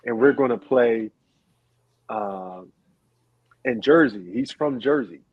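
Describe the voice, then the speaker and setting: A man's voice: medium pitch, takes it slowly, no echo, narrow, tinny audio. A man, a former basketball player, telling stories as a podcast guest and laughing often as he talks. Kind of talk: casual storytelling.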